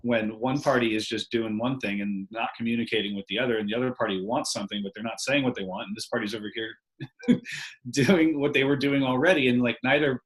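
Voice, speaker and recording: A man's voice: mid-range voice, low-quality recording. A man in a casual group conversation, reflectively explaining ideas in long flowing sentences. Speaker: panelist.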